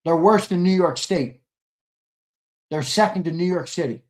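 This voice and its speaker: A man co-hosting a live sports stream, ranting in a sarcastic, exasperated way and sometimes shouting. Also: high voice, moderate pace. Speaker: sports show co-host. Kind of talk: casual live-stream rant.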